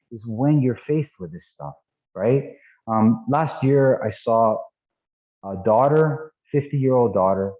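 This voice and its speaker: A man in his fifties leading a live online training session, talking conversationally, repeating words and checking in with "right?". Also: medium pitch. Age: 50s. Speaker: martial arts instructor. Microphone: video call. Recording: tinny phone-like call audio.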